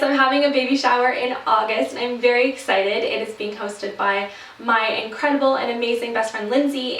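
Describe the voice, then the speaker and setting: A woman's voice: on the high side, a bit bright, far from the mic. A young woman from Canada chatting casually in a vlog update, rambling with fillers and restarts. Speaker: vlogger. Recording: roomy echo, voice set back from the mic.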